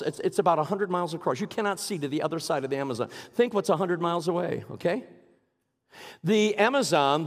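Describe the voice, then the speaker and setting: High-voiced preacher in a reverberant hall. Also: male voice. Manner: dramatic preaching with big swings in pitch and pace. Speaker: guest preacher. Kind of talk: sermon. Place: church sanctuary. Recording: large hall with long reverb.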